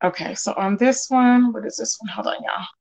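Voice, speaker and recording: Woman spilling tea to her viewers, kinda high voice, animated and chatty, lots of ums. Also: brisk, vocal fry. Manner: animated, talks straight to viewers with many fillers. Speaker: commentary channel host. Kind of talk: casual gossip commentary.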